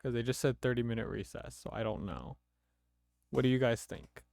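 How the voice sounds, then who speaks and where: A man's voice: medium pitch, moderate pace, creaky, dry recording, studio quality. A man streaming a game, casually thinking aloud and asking his viewers questions. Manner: relaxed, thinking aloud, asks chat questions. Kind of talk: casual gameplay chat with viewers.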